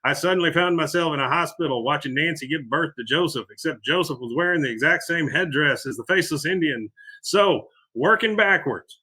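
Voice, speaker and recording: A man voicing a gullible, eager middle-aged cartoon character who rambles excitedly through a wild story. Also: fairly high pitch, brisk, husky, rough recording.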